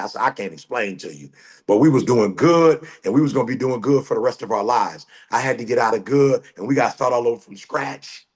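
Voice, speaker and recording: A middle-aged man giving a motivational sermon as a guest speaker, emphatic and repetitive, building up to shouts. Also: mid-range voice, a little fast.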